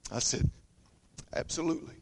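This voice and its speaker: A man preaching a sermon, reading scripture loudly and dropping to a soft, intimate voice for a story. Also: moderate pace.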